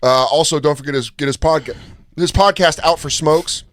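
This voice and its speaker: A man's voice: on the high side, moderate pace, no echo, clean studio sound. A man from Colorado hosting a podcast, telling stories in a casual, profane way and slipping into voices for the people in them. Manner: animated, profane storytelling with voiced impressions. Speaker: podcast host and comedian.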